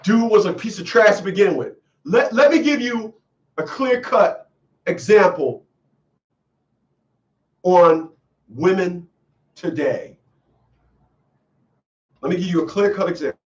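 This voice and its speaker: A man's voice: high-pitched, lively intonation, slow, long pauses, far from the mic, muffled recording. A man hosting a call-in show, lecturing emphatically and repeating lines for effect. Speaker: radio call-in host. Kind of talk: preachy call-in commentary.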